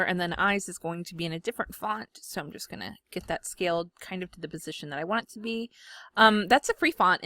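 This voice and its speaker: A woman, chatting casually from home while she demonstrates design software, giggly and self-deprecating. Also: lowish voice, animated, fast, dry recording, clean studio sound. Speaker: scrapbooking video host. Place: home room.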